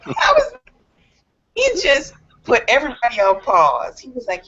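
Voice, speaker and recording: A woman's voice: a little high, huge pitch swings, unhurried, pauses often, pushed and bright, breathy edge, dull audio. A woman in a casual chat who laughs often and retells stories with impressions of others.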